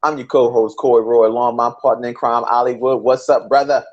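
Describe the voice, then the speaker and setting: A man co-hosting a podcast, opening the show with relaxed, friendly patter. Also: medium pitch, a little fast. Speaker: podcast co-host. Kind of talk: casual podcast chat. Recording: dull lo-fi recording.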